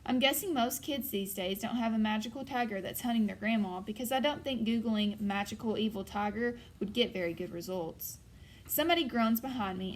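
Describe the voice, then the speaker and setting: A woman narrating a first-person audiobook in an even, storytelling manner. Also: fairly high pitch, slight background noise.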